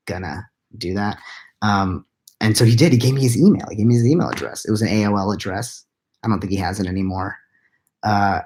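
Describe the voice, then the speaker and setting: Answering live chat at night from home, a man who sounds tired and is probably in his thirties keeps things half-whispered. His lowish, hushed voice rambles, broken by quiet laughs at his own expense, all captured on a laptop mic.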